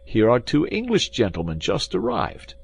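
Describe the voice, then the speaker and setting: A hand-wringing innkeeper, as a male narrator puts him on, fretful and pleading, his voice swinging high with worry. A worried tavern keeper in a storybook reading. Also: huge pitch swings, moderate pace, creaky, exaggerated voice. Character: anxious middle-aged male innkeeper, fretful.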